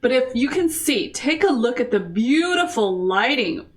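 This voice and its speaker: A woman's voice: on the high side, big pitch swings. Gushing American woman reacting to a video. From United States. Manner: gushing, chatty, quick asides and giggles. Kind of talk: casual reaction commentary. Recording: distant mic with faint music behind.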